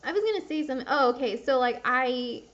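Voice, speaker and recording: A woman's voice: high voice, expressive, fast, a bit bright. A young woman chatting casually and candidly while playing a game, rambling and swearing at the game now and then. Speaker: gaming video creator. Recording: dull lo-fi sound.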